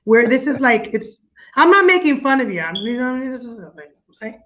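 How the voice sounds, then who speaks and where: An energetic, joking woman on a video call, explaining the dance teaching system she created in a lively, teacherly way. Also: fairly high pitch, normal speed. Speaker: guest, dance company founder.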